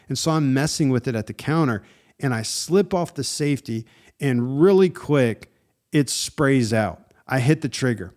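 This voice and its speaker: A relaxed male podcast host tells a story in a casual voice. His pitch sits in the middle of the male range. He talks in a loose, chatty way, dropping "dude" and "man" into his sentences. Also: moderate pace. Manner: animated and conversational, with frequent "dude" and "man", laughs at himself.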